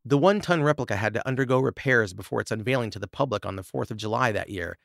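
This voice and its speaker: A man's voice: medium pitch, animated, quick pace, gravelly, fairly bright tone, no echo, clean studio sound. Man narrating a true crime podcast. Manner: reads researched notes, then stumbles and laughs in asides. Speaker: podcast host reading the story. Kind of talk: scripted narration with casual asides.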